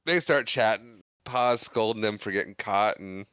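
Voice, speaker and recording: A man's voice: on the low side, moderate pace, fairly bright tone, smooth, no room sound. A man co-hosting a podcast, casually retelling a movie scene by scene and acting out the characters' lines. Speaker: podcast co-host. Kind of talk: casual movie recap chat.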